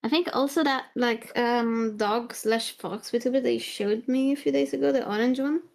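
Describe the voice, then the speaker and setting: A woman's voice: on the high side, moderate pace, a little mellow. A woman chatting casually on a stream, hesitant and full of fillers. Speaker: stream guest. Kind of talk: casual chat.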